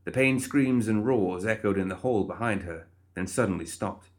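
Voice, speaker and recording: Man, deep low voice, storybook narration, measured.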